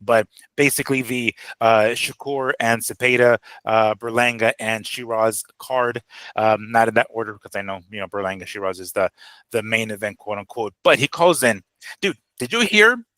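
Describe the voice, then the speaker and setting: A man co-hosting a boxing talk show, in an excitable, casual chat style with plenty of swearing. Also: fairly low pitch, moderate pace, dry recording, rough recording. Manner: animated, excitable, swears freely.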